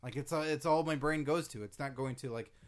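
A man co-hosting a casual podcast, joking and playful with deadpan asides. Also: a little high, a little fast. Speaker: podcast co-host. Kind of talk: casual chat.

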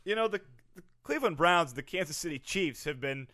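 A man hosting a sports talk show with a high, bright voice. He steers the talk in a matter-of-fact way and sets up each topic. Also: lively intonation, fairly quick. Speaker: host. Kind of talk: sports radio comedy chat.

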